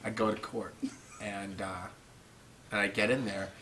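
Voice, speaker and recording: A man's voice: lowish voice, a little slow, over a noisy crowd. A man telling a funny story to a live audience, laughing and acting out the quotes. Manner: animated, laughing, acts out quotes. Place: stage before a live audience. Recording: loud audience laughter behind.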